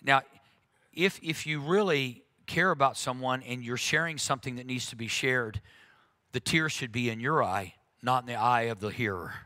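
A man's voice: mid-range voice, moderate pace, sharp tone. A man preaching a conversational sermon, talking earnestly and frankly, with frequent "uh"s and restarts.

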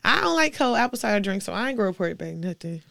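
A woman's voice: medium pitch, big pitch swings, fast, creaky, a bit bright, no echo, clean studio sound. A woman chatting bluntly with friends in a casual group chat, laughing often.

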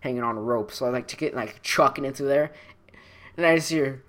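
A man's voice: mid-range voice, quick pace, a bit bright. A young man telling stories in a casual chat, rambling and laughing, with many fillers and restarts. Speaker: storyteller.

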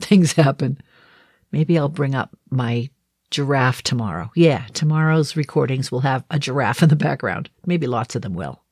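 A middle-aged video diarist from the Boston area of Massachusetts talks in a low voice, the studio-quality audio free of room sound. Her daily diary is casual and sprinkled with light laughter, and her Boston accent is faint, mostly softened.

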